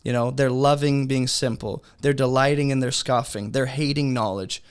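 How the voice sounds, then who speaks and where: A man teaching a beginner's Bible study lesson in a relaxed, conversational way, asking his listeners rhetorical questions. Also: mid-range voice, normal speed, clean tone.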